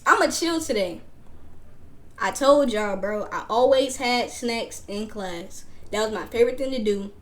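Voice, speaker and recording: A young woman, casually telling a school story to her stream chat in an animated, slangy way. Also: medium pitch, moderate pace, few pauses. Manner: animated, slangy, acts out classmates.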